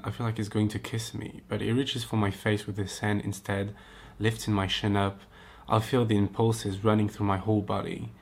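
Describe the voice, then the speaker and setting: A man hosting a podcast, reading a romance story aloud and breaking off into giggly, mocking comments. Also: on the low side. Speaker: podcast host. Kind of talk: comic reaction reading.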